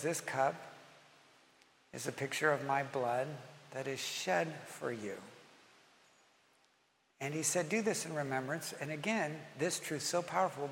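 A man leading communion as a pastor, speaking earnestly and rising in pitch and force as he voices a listener's prayers. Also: gravelly, a bit bright, a little hiss or hum. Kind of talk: communion sermon. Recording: long hall reverb, faint ambience.

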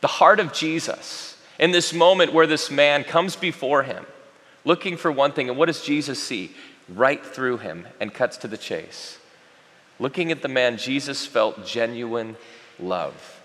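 A man preaching a sermon, swinging between loud questions to the congregation and soft, slow emphasis. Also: mid-range voice. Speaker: pastor. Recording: long reverb of a large hall.

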